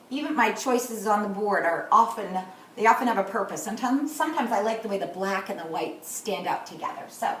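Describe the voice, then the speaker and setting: A woman in middle age teaching kindergarteners at a whiteboard, slowly and deliberately modeling words and sounds. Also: mid-range voice, a bit bright, a little hiss or hum. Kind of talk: teaching a class. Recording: echoey room, far from the mic.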